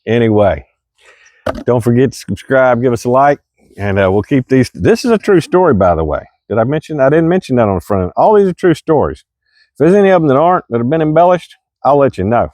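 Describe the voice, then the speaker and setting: A man's voice: medium pitch, brisk, no echo, studio quality. Folksy man telling a story. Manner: folksy, animated, colloquial, with loud exclamations. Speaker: storyteller vlogger. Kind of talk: casual storytelling.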